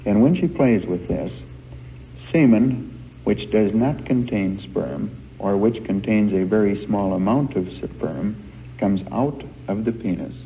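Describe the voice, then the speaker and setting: A man giving a frank family life lecture to a live group, folksy and halting, recorded on worn old reel-to-reel tape in a hall. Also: fairly low pitch, highs cut off, slight background noise. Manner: folksy, halting with many uh fillers.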